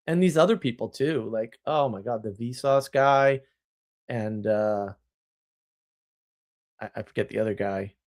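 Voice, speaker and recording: Animated, opinionated male live-streamer. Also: mid-range voice, measured pace, long pauses. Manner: animated, opinionated, rambling with restarts. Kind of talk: casual live-stream talk answering chat.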